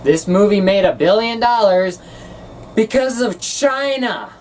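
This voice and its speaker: A woman hosting a casual film review, talking in an animated, ranting way and quick to get loud. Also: medium pitch, recorded from a distance, slight background noise, poor audio.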